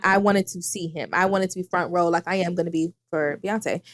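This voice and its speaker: A woman in her thirties, a podcast co-host telling a story in casual chat, dramatic and quick to laugh and swear. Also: on the low side. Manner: animated, dramatic, swears freely, laughs often.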